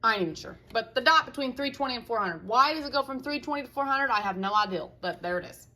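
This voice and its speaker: Woman in her forties, folksy chatty cooking vlog, bright tense voice, high pitch. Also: animated, quick pace. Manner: chatty, folksy, self-deprecating humor. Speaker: home cook vlogger and mother. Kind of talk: casual cooking vlog chat. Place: home kitchen.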